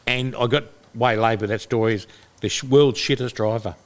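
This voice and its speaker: A man's voice: mid-range voice, steady tone, fairly quick. An Australian man casually telling rambling stories, swearing a lot and acting out what people said. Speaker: podcast co-host. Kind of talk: casual storytelling chat.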